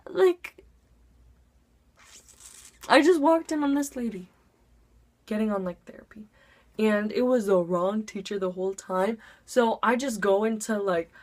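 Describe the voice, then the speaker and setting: A woman's voice: mid-range voice, a little slow, long pauses, a little mellow. A teenage girl vlogger telling a school story in a breathless, chatty way, with lots of "like" and sudden dramatic jumps in her voice. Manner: dramatic voice swings into acted quotes. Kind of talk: storytime vlog.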